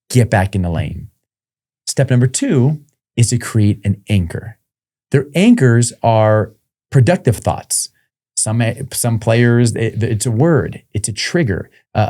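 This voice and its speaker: A man, a performance coach, telling lively stories in an interview and acting out the voices of the people he quotes. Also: mid-range voice. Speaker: performance psychology coach, guest. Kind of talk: interview storytelling.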